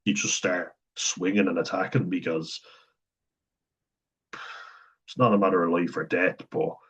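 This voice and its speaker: Low husky man speaking bluntly. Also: steady tone, a little slow, a bit bright. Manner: frank and profane, conversational. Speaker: vlogger. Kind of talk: candid personal monologue. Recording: dull lo-fi sound.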